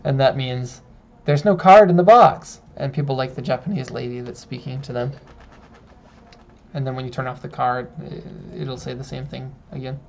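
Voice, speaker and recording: A man's voice: mid-range voice, normal speed, vocal fry, a little mellow, a little hiss or hum. A man hosting a casual live-stream chat, explaining car details step by step. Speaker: host.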